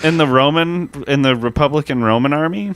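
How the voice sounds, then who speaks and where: A man's voice: a little high, a little fast, fairly bright tone, clean tone. A man co-hosting a history podcast, telling grim stories in a loose, profane, chatty way. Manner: loose, profane, storytelling with many "like" fillers. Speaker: podcast co-host. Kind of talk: casual podcast chat.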